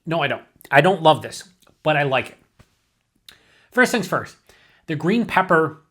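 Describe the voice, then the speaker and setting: A man's voice: fairly high pitch, lively intonation, a little slow, long pauses, fairly bright tone. A man giving a casual beer review to camera, thinking aloud and rambling with restarts and asides.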